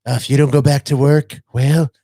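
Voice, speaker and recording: A man's voice: medium pitch, flat delivery, brisk, dark tone, dry recording, clean studio sound. A man co-hosting a podcast, chatting casually and joking around. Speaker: podcast co-host. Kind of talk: casual chat.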